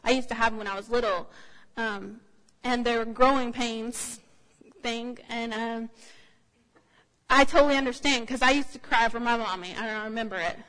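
A woman preaching with a bright, ringing voice pitched a little high. She talks in a loose, chatty way with plenty of fillers, and a long hall reverb trails behind her words. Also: steady tone, normal speed, long pauses. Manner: conversational, anecdotal, with frequent fillers. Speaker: speaker. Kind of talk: sermon.

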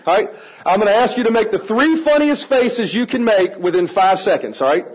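A man teaching a room of adults how to work with children, energetic and playful, coaxing the audience to join in. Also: sits high, fairly quick, husky, rough recording. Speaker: children's ministry trainer. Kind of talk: lively teaching talk to an audience.

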